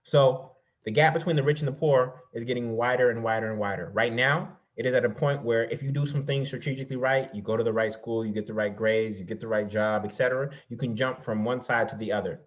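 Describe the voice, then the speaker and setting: A man's voice: medium pitch, steady tone, fast talker, few pauses. A man coaching an audience on real estate investing in a motivational presentation, preaching and firing off rhetorical questions while calling them "y'all". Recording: slightly dull lo-fi recording.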